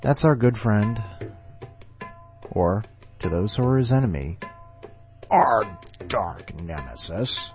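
A man's voice: on the low side, expressive, slow, long pauses, a little mellow. A man hosting a story podcast, reading stories aloud and rambling jokingly between them. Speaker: podcast host. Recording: dull lo-fi recording with faint music.

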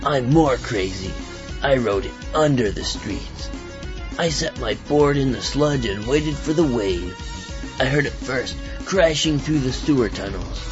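A man's voice: mid-range voice, expressive, a little slow, muffled recording, music in the background. A man reading his own short story aloud in a laid-back surfer voice. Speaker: story contributor.

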